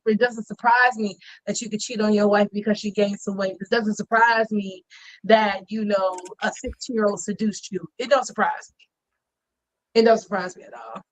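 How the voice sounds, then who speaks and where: A woman's voice: mid-range voice, rough recording. A woman co-hosting a casual gossip podcast, blunt and profane as she rants. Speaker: podcast co-host.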